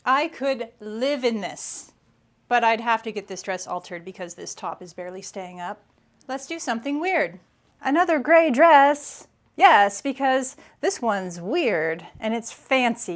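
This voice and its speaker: Woman, higher-pitched voice, chatty, playful, emphatic, casual fashion vlog commentary. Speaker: style vlogger.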